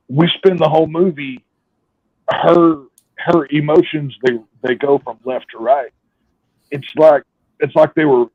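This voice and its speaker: A man's voice: mid-range voice, husky, no echo, lo-fi sound. A man hosting a casual film discussion, blunt and restarting his words as he talks. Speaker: podcast host.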